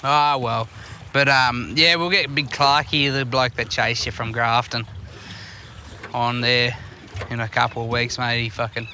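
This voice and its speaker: A man's voice: mid-range voice, flat delivery, measured pace, sharp tone, slight background noise. An Australian man co-hosting a podcast, telling rambling, profane stories in casual chat. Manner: swears a lot, tells rambling stories. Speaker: podcast co-host.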